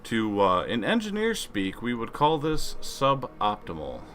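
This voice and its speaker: A man's voice: mid-range voice, huge pitch swings, measured pace, fairly bright tone, a little hiss or hum. A man casually commenting on a strategy game he is playing, rambling and reading game text aloud. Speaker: gaming video creator.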